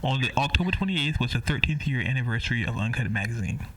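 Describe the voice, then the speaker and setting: A man's voice: medium pitch, expressive, fast. A man hosting a podcast in casual chat, laid-back and talking straight to his listeners. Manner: laid-back, conversational, speaking to listeners directly. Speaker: podcast host. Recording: slightly distant mic with faint noise.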